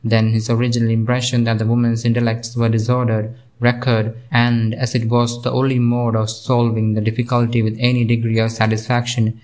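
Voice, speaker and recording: A man narrating a classic novel as an audiobook, reading in a steady, measured way. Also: medium pitch.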